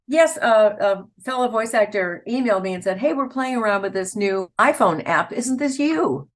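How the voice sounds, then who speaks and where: A woman's voice: medium pitch, animated, normal speed. A woman, a voice actor telling stories in a casual interview and laughing often. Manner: chatty, laughs often, storytelling. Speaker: voice actor guest.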